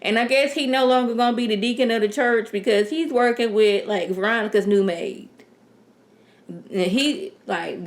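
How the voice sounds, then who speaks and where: A woman casually reviewing a TV episode in a sassy, animated, rambling way. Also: on the high side, moderate pace. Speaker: TV show reviewer. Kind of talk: casual chat.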